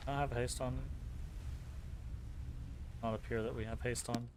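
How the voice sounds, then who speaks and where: A man's voice: medium pitch, little pitch movement, unhurried, noisy background. A man giving casual gameplay commentary, musing aloud and swearing casually. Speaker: gamer playing a video game.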